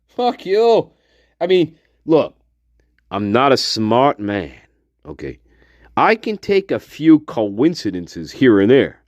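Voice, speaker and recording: A man's voice: on the high side, darkish tone, no echo, studio quality. A man hosting a livestream, rambling in a giggly, profane way, repeating phrases and sometimes dropping to a whisper. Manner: drops to whispers at times. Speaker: livestream host.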